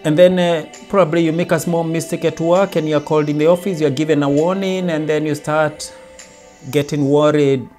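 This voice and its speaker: A man's voice: a little high, fairly even intonation, moderate pace, darkish tone, soft background music. A man giving a motivational talk, telling it as a story and briefly acting out everyday lines. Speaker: self-help speaker. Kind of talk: motivational monologue.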